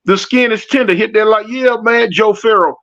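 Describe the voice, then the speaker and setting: A middle-aged man chats loosely on a livestream, calling out viewers by name and pleading for likes in easy street slang. His voice sits high for a man. The sound is a bit dull and lo-fi. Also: normal speed, a bit bright. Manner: reads out viewer comments and begs for likes. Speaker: livestream host. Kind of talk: casual livestream chat.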